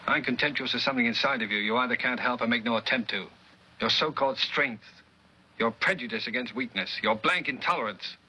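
An actor with a Mid-Atlantic accent playing a stern man who coolly rebukes a woman, in measured, cutting 1940s film acting. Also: medium pitch, pushed and bright, a little hiss or hum, poor audio. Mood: reproachful.

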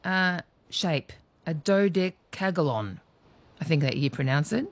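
A woman's voice: low voice, animated, moderate pace, creaky, dry recording. A woman with an Australian accent hosting a radio phone-in quiz, chatty and teasing, laughing often.

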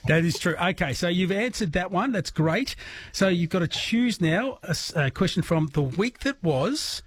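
An Australian man hosting a late-night talkback radio quiz, chatty and quick to laugh. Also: sits high, animated, husky, no room sound. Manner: chatty, laughs easily, repeats phone number. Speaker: radio host.

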